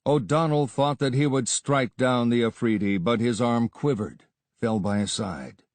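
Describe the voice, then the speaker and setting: A man narrates an adventure story in a steady, measured reading voice of middle pitch. The recording is close and dry, with no room around it. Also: no room sound. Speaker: audiobook narrator. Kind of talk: scripted narration.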